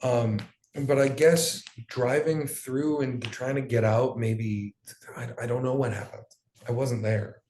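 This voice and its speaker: Young guy telling his story, swears a lot, lots of um and like, mid-pitch voice, echoey room. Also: fairly even intonation, a little slow, darkish tone, slight background noise. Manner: loose, profane storytelling with many fillers. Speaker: interview guest. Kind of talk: emotional personal account. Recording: roomy echo.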